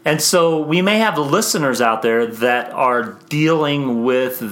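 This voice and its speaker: A man's voice: medium pitch, expressive, a little slow. A man hosting a podcast interview, talking in a musing, conversational way, restarting sentences and trailing off as he frames his questions. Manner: warm, musing, many restarts and trailing phrases. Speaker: podcast host.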